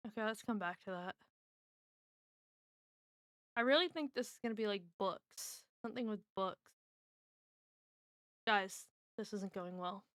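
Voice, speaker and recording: A woman's voice: mid-range voice, a little slow, pauses often, fairly bright tone, no room sound, clean studio sound. A woman chatting casually on a stream at home, thinking aloud as she tries guesses at word puzzles and teases the people around her. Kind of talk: casual chat while solving word puzzles.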